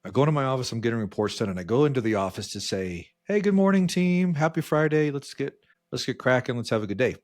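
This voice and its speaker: A man co-hosting a podcast, telling a work story in casual chat and jumping his voice up high when he quotes people. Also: very fast. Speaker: podcast co-host.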